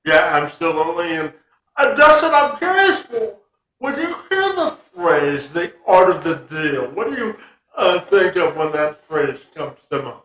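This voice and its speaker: High-voiced male host, roomy and distant. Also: big pitch swings, a little slow, fairly bright tone. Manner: asks open questions, affirming. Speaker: podcast host. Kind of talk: interviewing a guest. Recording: roomy sound from far off the mic.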